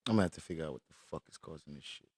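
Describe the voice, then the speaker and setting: A man's voice: extremely low pitch, expressive, racing, darkish tone, husky, no echo, clean studio sound. A man live-streaming casual chat from his computer, swearing in frustration and greeting viewers as he works.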